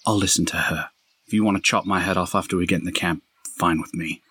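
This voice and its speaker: A man's voice: deep voice, steady tone, fast talker, bright, forceful tone, slightly rough, dry recording, pitched below the performer's own voice, heavily acted. A man voicing a proud, blunt male warrior character in a tabletop game, speaking defiantly.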